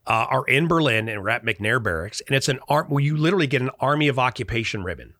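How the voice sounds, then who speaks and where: Brief: middle-aged man from Chicago, bright voice, dry close sound, lively storyteller. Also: mid-range voice, fast, no echo. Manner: animated, acts out quoted dialogue. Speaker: guest. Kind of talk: casual storytelling in conversation.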